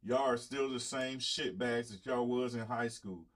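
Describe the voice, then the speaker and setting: A man's voice: mid-range voice, unhurried. Blunt man preaching to his viewers. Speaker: show host. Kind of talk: casual live-stream talk.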